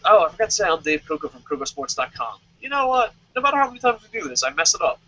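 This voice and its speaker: A man hosting a casual wrestling talk show, animated and jokey, swearing and singing little sound effects. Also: high-pitched, racing, hardly any pauses, lo-fi sound. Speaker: podcast host. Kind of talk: casual chat. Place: lives in Japan.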